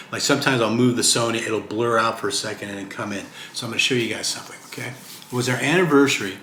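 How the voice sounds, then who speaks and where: Talking casually into his camera, a retired vlogger in his sixties rambles on, repeatedly asking "okay?". He has a mid-range, fairly bright voice, recorded on the camera mic with roomy echo and a faint hiss.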